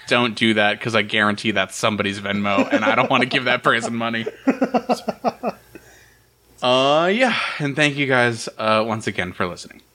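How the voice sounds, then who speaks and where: Man, podcast host, casual joking chat, swears, animated pitch, bright tone. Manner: joking, laughs often, swears.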